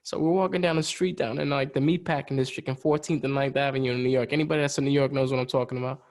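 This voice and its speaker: A man's voice: medium pitch, steady tone, racing, a little mellow. A middle-aged man, a musician guest on a podcast, chatting casually and telling stories full of fillers and "you know". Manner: rambling storyteller, heavy fillers, frequent "you know". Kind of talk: casual chat.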